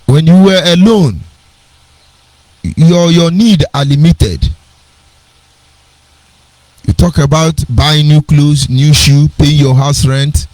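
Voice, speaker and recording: A man's voice: on the high side, slow pace, pauses often, darkish tone, dry recording, poor audio. Earnest Nigerian man telling stories. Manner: digressive, earnest storyteller with sing-song emphasis. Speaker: speaker on a radio program. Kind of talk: personal storytelling talk.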